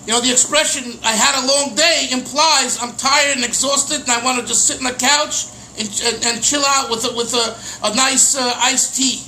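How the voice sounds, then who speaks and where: A man's voice: very high-pitched, fairly even intonation, moderate pace, hardly any pauses, pushed and bright, a little hiss or hum, poor audio. A middle-aged man, a rabbi, teaching a Chassidic text in a casual lesson, explaining line by line and acting out questions.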